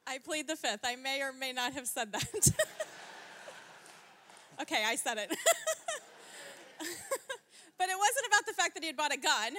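A woman, the pastor's wife, chiming in at a sermon with quick, laughing, teasing asides. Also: sits high, very animated, pushed and bright, a little hiss or hum.

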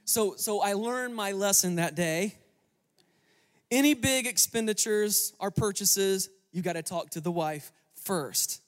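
A male pastor preaching a sermon, telling a story as a lively storyteller with joking asides to the congregation. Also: high voice, measured pace. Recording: long reverb of a large hall.

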